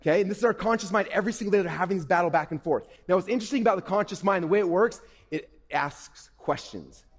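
A man speaking at a rapid clip in a slightly high voice, presenting to a room of kids and adults. His delivery is upbeat and conversational, and he keeps checking in with the room. The sound carries the long reverb of an event hall. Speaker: workshop presenter. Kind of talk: interactive talk to a youth audience. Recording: echoey hall.

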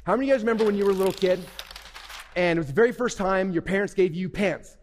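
High-voiced guy giving a pumped-up talk to kids, playful, emphatic, big echoey hall. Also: very fast, a little hiss or hum. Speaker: motivational speaker. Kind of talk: live presentation to young people. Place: event hall. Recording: reverberant hall.

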